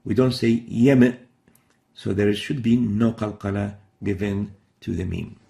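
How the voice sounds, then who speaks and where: A man teaching Quran recitation in a recorded lesson, explaining patiently and demonstrating each sound slowly and carefully. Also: on the low side, steady tone, gravelly, dark tone.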